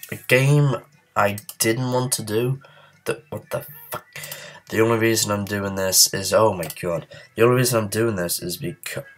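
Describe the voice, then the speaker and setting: A man's voice: low-pitched, creaky, fairly bright tone, slight background noise. A man who is ill, giving let's play commentary while playing a game, frustrated and muttering curses at it. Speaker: gaming channel host.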